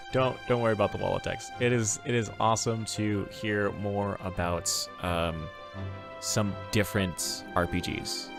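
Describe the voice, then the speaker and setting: A man streaming a travel game, reading its text aloud and chatting casually, in an animated, self-correcting way. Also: on the low side, a little slow, gravelly, over music.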